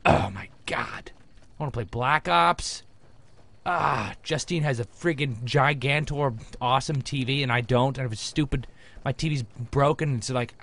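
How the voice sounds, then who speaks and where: A man's voice: mid-range voice, moderate pace, creaky, fairly bright tone. A young man commentating his gameplay in a jokey, rambling way with frequent exclamations. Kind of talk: let's play commentary.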